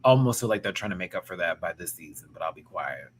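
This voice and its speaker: A man from the American South with a Southern accent, hosting a casual reaction review and talking in an animated, slangy way that is full of swearing. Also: sits low, quick pace, a little hiss or hum. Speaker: reaction show host.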